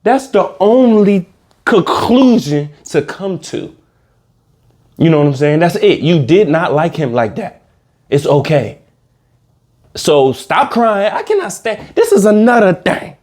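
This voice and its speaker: Male reaction host, comic ranter, slangy, very animated delivery, slightly high voice. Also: a little slow. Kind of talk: comedic rant reacting to a reality show.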